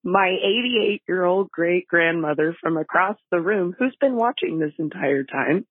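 A woman leaving a recorded message, telling a family story in a lively way and putting on her relatives' voices. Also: fairly low pitch, measured pace, slightly rough, dry recording, phone-quality sound. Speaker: caller.

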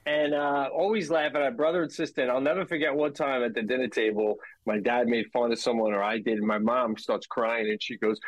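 A man's voice: medium pitch, a little fast, no room sound, rough recording. A man, a guest comedian telling stories animatedly in casual chat. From Long Island, New York. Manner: animated storyteller.

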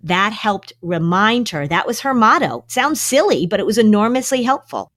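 A woman's voice: medium pitch, very animated, moderate pace, a bit bright, dry recording, clean studio sound. A woman therapist on a podcast, giving emphatic, coaching advice with lots of repetition. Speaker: anxiety therapist. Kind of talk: podcast conversation.

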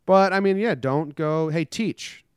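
A man's voice: a little high, unhurried, a little mellow, clear, resonant tone, no room sound, studio quality. A young man co-hosting a casual podcast, telling stories in a joking way and acting out the people in them. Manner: jokey storyteller, acts out quoted people. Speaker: podcast co-host. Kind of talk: casual chat.

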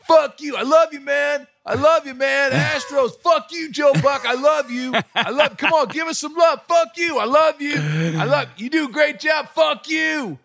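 Man doing a shouting, boozy stadium heckler, much higher than his own voice. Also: unhurried, vocal fry, few pauses, heavily acted. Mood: drunk ranting. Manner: yelling, crude, swinging from abuse to affection. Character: drunk heckling male baseball fan.

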